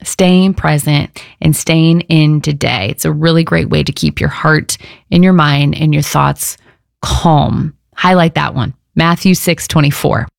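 A woman's voice: deep voice, unhurried, creaky, no room sound. A woman radio host giving a casual, upbeat devotional talk. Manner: chatty, upbeat, conversational.

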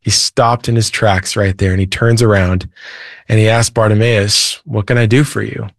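A man with a fairly low voice speaks as a guest preacher in a faith interview. He retells scripture with earnest feeling. The sound is close and dry, with no room around it. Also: little pitch movement, moderate pace, vocal fry, no room sound. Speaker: guest, Christian author and preacher.

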